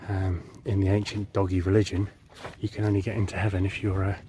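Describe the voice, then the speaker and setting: A man plays the ghost of a pub dog in a told joke. It speaks, earnest and formal, with a deep, low tone. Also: flat delivery, fast talker, dark tone, a little hiss or hum, natural voice. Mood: solemn.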